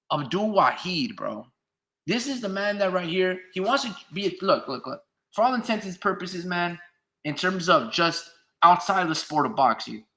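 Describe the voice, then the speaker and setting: A man's voice: high-pitched, pushed and bright. Fired-up man ranting about boxing. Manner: blunt, ranting, profane, fired up. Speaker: boxing commentator. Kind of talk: opinionated solo commentary.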